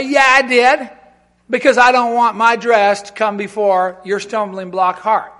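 In a church sanctuary, a man preaches with animated emphasis, his voice sitting high and unhurried. He tosses humorous asides to the congregation that swell into loud outbursts.

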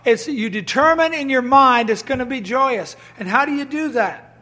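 A man's voice: normal speed, bright, forceful tone. A man preaching a sermon, telling stories with quoted voices and reading scripture, rising into emphatic bursts. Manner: high voice that rises to emphatic bursts.

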